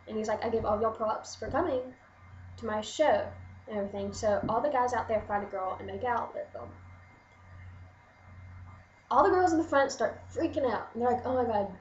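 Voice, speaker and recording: A woman's voice: mid-range voice, slight background noise. Gushing young woman, roomy lo-fi sound. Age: young adult. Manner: excited, rambling, gushing, lots of "like". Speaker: vlogger. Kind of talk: casual storytelling to camera.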